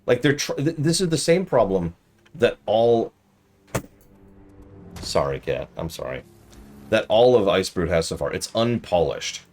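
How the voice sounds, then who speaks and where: A man's voice: lowish voice, very animated, measured pace, pauses often, a little mellow, slight background noise. A man streaming a game review in casual commentary, easily exasperated and ranting at the game while chatting with viewers.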